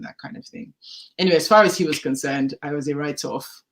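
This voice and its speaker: A woman telling her personal story as a podcast guest, candid and animated, acting out the dialogue she recalls. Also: low-pitched, quick pace, slight background noise. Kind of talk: personal testimony in a podcast interview.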